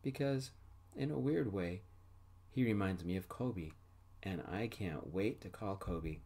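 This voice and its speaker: A man gently narrating a first-person story in a soft-spoken ASMR style. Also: sits low, unhurried.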